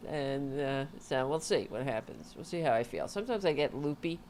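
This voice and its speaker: A woman's voice: a bass voice, expressive, moderate pace, a little mellow, slight background noise. A woman hosting her own livestream from home, chatting casually and rambling with self-interruptions, sounding tired. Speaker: host of a livestream show. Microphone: home mic with audio interface.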